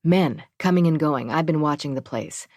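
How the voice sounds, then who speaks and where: Determined, insistent mother, played by a female narrator; blunt, low, dry. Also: moderate pace, darkish tone, no room sound, close to an everyday voice. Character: determined mother searching for her daughter.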